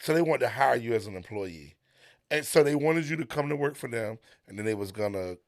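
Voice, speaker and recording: A man's voice: medium pitch, brisk, no echo, studio quality. A man hosting a podcast, asking easygoing questions and backing the guest with constant okays. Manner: steady stream of "okay" backchannels, easygoing questions. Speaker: podcast host. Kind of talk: casual interview chat.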